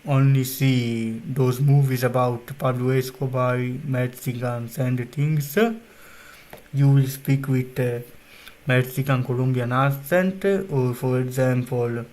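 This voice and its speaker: Speaking English as a second language, this Italian man has an Italian accent and a medium-pitched, slightly mellow voice. He rambles casually on his stream, his phrasing unpolished and clearly non-native.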